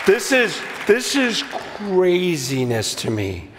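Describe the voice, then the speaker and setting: A man in his fifties preaching a sermon, telling stories with animated restarts and quoted asides. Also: high-pitched, slow, long reverb tail, a loud crowd, heavy background noise. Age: 50s. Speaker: pastor.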